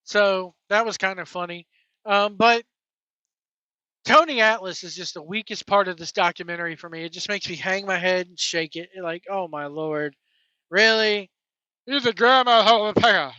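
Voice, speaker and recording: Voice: mid-range voice, moderate pace, sharp tone, clean tone, dry recording, highs cut off. A podcast host giving a casual, opinionated and exasperated review of a wrestling documentary, rambling from point to point.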